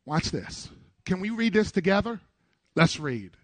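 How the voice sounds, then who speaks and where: Middle-aged male pastor, high-pitched and dry-miked, preaching a lively call-and-response sermon. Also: a little slow, no room sound. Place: church before a congregation.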